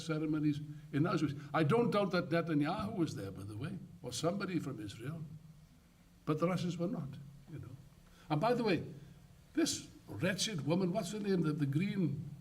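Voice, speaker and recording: An older man giving an impassioned, rambling congress speech, swinging from loud outbursts to muttered asides. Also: high-pitched, recorded from a distance, a little hiss or hum. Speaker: political speaker. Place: conference hall.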